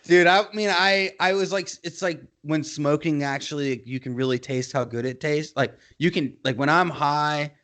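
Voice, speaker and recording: A man's voice: on the high side, moderate pace, few pauses. Profane, rambling young man. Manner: rambling, profane, laughs often, loud impressions. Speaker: podcast co-host. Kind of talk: casual chat.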